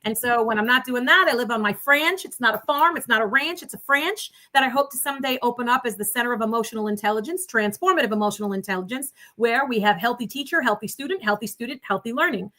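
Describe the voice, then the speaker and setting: Talking fast with hardly a pause, this fifty-something New Yorker has a high, pushed, bright voice and lively intonation. As a guest on a video-call livestream, she's exuberant and jokey, slipping in rhyming asides.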